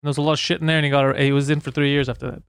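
Fast-talking animated man, dry mic. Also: fairly high pitch, creaky, clean tone, no room sound. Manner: fast, animated storytelling with acted-out quotes and swearing. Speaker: comedian and podcast host. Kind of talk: casual chat.

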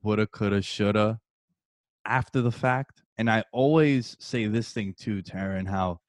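A man in his early thirties hosting a casual sports chat, telling stories with animated energy, swearing and calling his co-host dude. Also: fairly low pitch, unhurried, no echo, clean studio sound.

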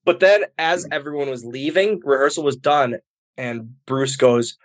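Brief: male interview guest, mid-pitched, animated storyteller who acts out quotes, casual and chatty. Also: unhurried. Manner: animated, acts out quoted dialogue, many fillers like "like". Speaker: guest, professional wrestler.

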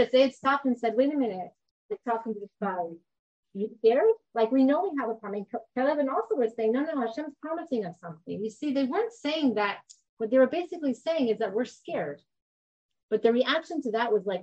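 A woman in her thirties teaches a class in a conversational, informal way. She often stops to ask her listeners questions. Her voice sits a bit high, and the recording sounds somewhat dull and lo-fi. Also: darkish tone. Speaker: Torah teacher. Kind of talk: informal class talk to a group.

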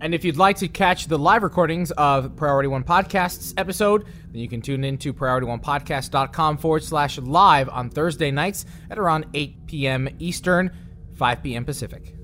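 A man's voice: on the high side, normal speed, a bit bright, a little hiss or hum. A man co-hosting a podcast, reading promos and earnest thanks to listeners. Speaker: podcast co-host.

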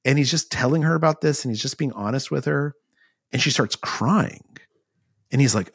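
A middle-aged man, an author guest, telling an animated story in a podcast interview, acting out quotes and using many fillers. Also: medium pitch, a little fast, slightly rough, no room sound, clean studio sound.

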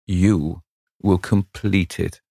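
A man reading the lines of a courteous, formal old gentleman in an audiobook of a classic novel, speaking slowly. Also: deep voice, steady tone, gravelly, no room sound, clean studio sound, heavily acted.

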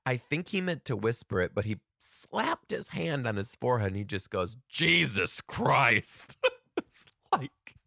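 A young man who works as a teacher tells stories in a casual, animated monologue, ranting and exclaiming and often laughing as he talks. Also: mid-range voice, moderate pace, vocal fry, dry recording, clean studio sound. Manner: laughs often while talking.

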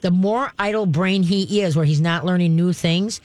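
A woman's voice: fairly low pitch, normal speed, darkish tone, no echo. Woman radio host, direct and instructive, chatty advice voice, dry close sound. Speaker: radio show dog trainer host. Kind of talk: advice call-in talk.

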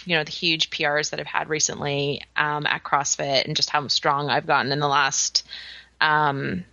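A woman's voice: low-pitched, level tone, moderate pace, vocal fry, bright, forceful tone, no echo, highs cut off. A woman in her thirties from Canada with a light Canadian accent, co-hosting a podcast in casual, laughing chat with frequent restarts. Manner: chatty, laughs often, many restarts. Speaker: podcast co-host.

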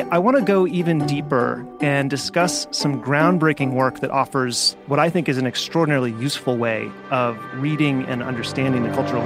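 A man hosting a podcast, reading a scripted introduction and then asking his guest questions in a measured, articulate way. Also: mid-range voice. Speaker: podcast host.

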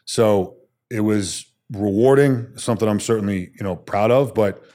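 At normal speed and fairly low pitch, a man in his thirties recounts stories during a casual podcast interview. He serves in Army special forces and tells things bluntly and saltily, animatedly performing the quotes.

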